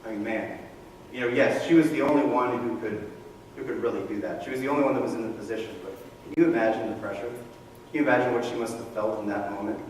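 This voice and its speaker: A male pastor preaching a sermon, telling the story in a conversational, animated way with casual asides. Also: on the low side, fast. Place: church sanctuary. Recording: echoey hall, mic far from speaker, faint room noise.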